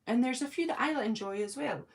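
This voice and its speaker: A woman's voice: on the high side, fairly quick, vocal fry. Chatty Scottish woman hosting from home. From Scotland. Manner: chatty, answers viewers by name, thinks aloud. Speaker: live stream host. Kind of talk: casual live chat reading comments.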